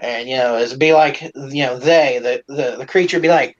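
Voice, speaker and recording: A man hosting a live stream, casually telling stories to fans in an animated, profane way with lots of fillers. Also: mid-range voice, normal speed, highs cut off.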